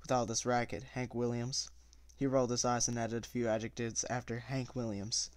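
A tough teenage hoodlum who sounds unbothered and clipped, read out by a man in his ordinary voice. The pitch stays middling and the sound is dry and close. It plays like a plain storybook reading. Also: level tone, moderate pace, no echo, lightly acted. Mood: offhand.

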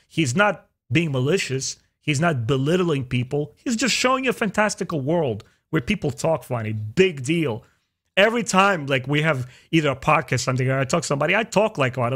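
A man hosting a podcast, chatting casually and opinionatedly, his pitch jumping up for emphasis. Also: normal speed. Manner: opinionated, animated, jumps into high pitch for emphasis. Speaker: podcast host. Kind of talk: casual chat.

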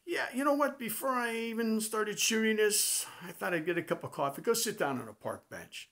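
A man hosting a comedy show, telling jokes in a punchy, animated monologue. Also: sits high, moderate pace. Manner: animated, punchy joke delivery.

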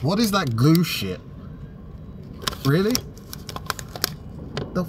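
A man with an English accent rants at a cash machine outdoors, swinging wildly between high squeaks of disbelief and low mutters. He talks slowly and draws out his swearing. Traffic and street noise sit clearly behind his phone recording. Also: big pitch swings. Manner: swearing, incredulous, laughing in disbelief. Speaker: vlogger. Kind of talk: exasperated vlog rant.

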